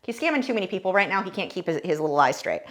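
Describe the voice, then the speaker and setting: A woman's voice: fairly low pitch, very animated, racing. A woman giving casual, sarcastic commentary while reading scam messages aloud. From United States. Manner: sarcastic, wry asides. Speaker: art YouTuber.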